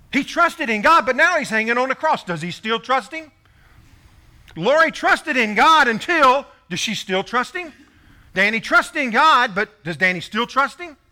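A male pastor preaching a sermon, driving points home with punchy repeated phrases and dropping to quiet asides to the congregation. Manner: emphatic preaching with rising, punchy repetitions; drops to a soft, low voice for asides to the congregation.

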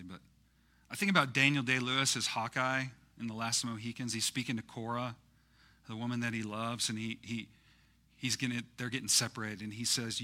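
A male pastor with a mid-range voice preaches a sermon casually and conversationally, packed with fillers, and it builds into loud, impassioned peaks.

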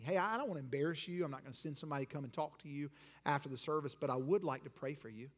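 A pastor with a somewhat high voice delivers a sermon with an altar call. He builds to emphatic peaks, then drops soft and intimate. His voice rings with the long reverb of a church sanctuary. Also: very fast.

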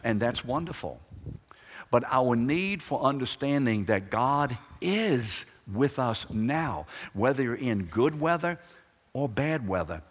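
A man preaching a sermon with emphatic phrasing and rhetorical questions to the congregation. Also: mid-range voice. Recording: echoey hall reverb.

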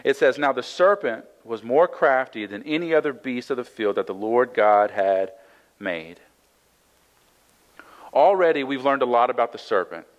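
Man, pastor, conversational sermon, reads verses then explains, medium pitch. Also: animated, moderate pace, highs cut off. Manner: conversational, frequent "right?" asides and restarts.

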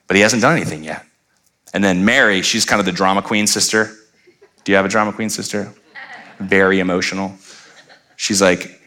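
Male pastor, bright voice; lively sermon storyteller who dramatizes scenes. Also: on the low side, a little fast. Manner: animated, acts out quoted voices.

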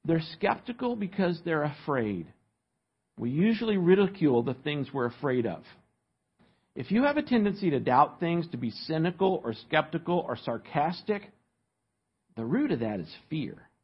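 A man preaching a sermon as pastor, teaching from an outline and asking his listeners to fill in the blanks, with emphatic, animated delivery. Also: fairly high pitch, normal speed, breathy edge, highs cut off.

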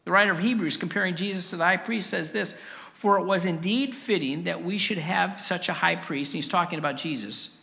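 A man preaching a sermon with earnest rhetorical questions and dramatic pauses. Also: high-pitched, gravelly, pushed and bright, long reverb tail. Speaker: pastor.

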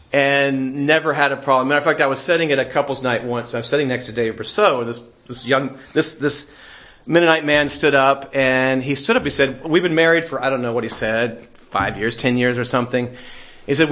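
A man's voice: a little high, fairly bright tone, lo-fi sound. A middle-aged man preaching a sermon in an earnest way, laughing often and repeating words as he searches for them. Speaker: pastor.

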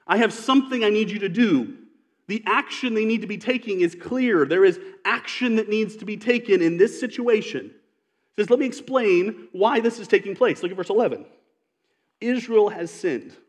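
A man's voice: sits high, lively intonation, brisk, long reverb tail. A man preaching a sermon in an earnest, emphatic way, reading scripture aloud and explaining it. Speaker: pastor.

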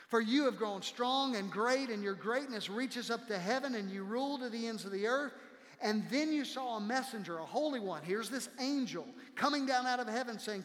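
A man with a notably high voice preaches a sermon in a church sanctuary, his words trailing off in a long hall reverb. He speaks with passion and sinks to a hushed hush for the quoted lines. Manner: impassioned, drops to hushed tones for quotes. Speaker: pastor.

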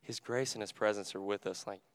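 A young man preaching a sermon in a conversational, animated way, full of fillers, and dropping to a hush for quoted words. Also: lowish voice, fairly quick. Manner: drops to a hushed voice when quoting Jesus.

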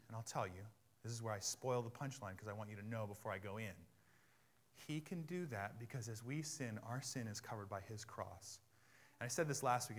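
A male pastor preaching a sermon in a conversational teaching manner, repeating phrases and building to loud, emphatic passages. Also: medium pitch.

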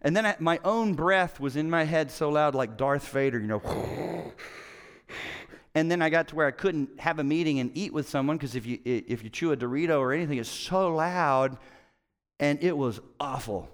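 A middle-aged man preaching a sermon as a pastor, telling stories in a conversational way, swinging between loud emphasis and hushed moments. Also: on the high side, normal speed, clean tone, long reverb tail.

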